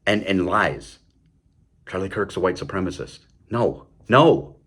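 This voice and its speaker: A man's voice: low-pitched, lively intonation, a little slow, fairly bright tone, slightly rough. A man hosting his own show, delivering an impassioned political commentary monologue, heated and stumbling over repeated words, with mocking sarcastic asides. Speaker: show host.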